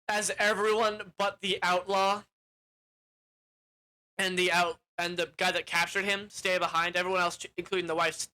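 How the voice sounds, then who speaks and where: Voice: medium pitch, pushed and bright, poor audio. A film reviewer giving a casual, rambling plot recap, often correcting themselves and swearing offhandedly.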